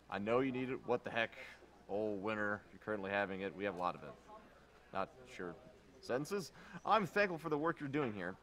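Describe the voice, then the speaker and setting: A man's voice: medium pitch, fairly bright tone. A man hosting a charity live stream, reading donation comments aloud in a casual, jokey way.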